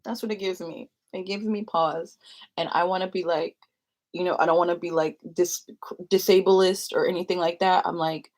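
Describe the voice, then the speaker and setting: A woman's voice: fairly low pitch, steady tone, normal speed, a little mellow. A young woman vlogging in a rambling confessional chat, full of filler likes and laughing often.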